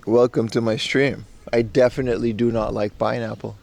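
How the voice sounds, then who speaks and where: A man's voice: mid-range voice, little pitch movement, moderate pace, creaky, a little mellow, dry recording. A man streaming live from a park, chatting casually and reading out chat with loose, slangy rambling. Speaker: IRL streamer. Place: outdoors in a park in Japan.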